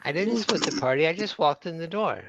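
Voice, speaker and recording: A man's voice: on the high side, expressive, brisk, gravelly, a bit bright, muffled recording. A man playing a tabletop game over a call, chatty and upbeat. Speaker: player.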